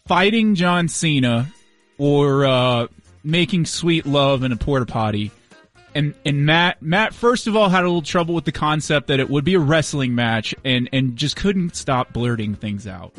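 A man's voice: a little high, expressive, measured pace, a bit bright, faint music behind. A man hosting a sports radio show, teasing his co-hosts and introducing clips in casual banter. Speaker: radio host playing clips.

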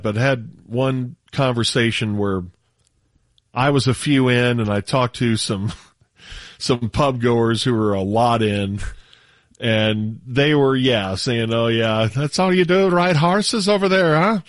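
A man from the United States, a radio show regular, chatting casually on air in a laid-back, halting way with frequent laughs. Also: medium pitch, steady tone, dry recording, studio quality.

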